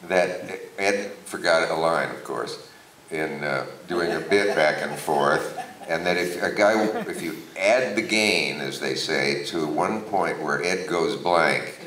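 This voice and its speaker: A man's voice: very deep voice, slow, a bit bright, recorded from a distance, a little hiss or hum. An older man in a wry, joking on-stage conversation in a theater. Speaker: talk show host on stage. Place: theater stage before an audience. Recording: roomy hall, mic from afar.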